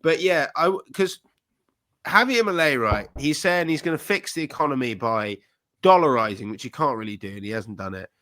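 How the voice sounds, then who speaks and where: A man's voice: mid-range voice, lively intonation, brisk, bright, forceful tone, no echo. Give me a blunt, sweary man co-hosting a podcast, dry and close. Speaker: podcast co-host. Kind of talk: ranty casual chat.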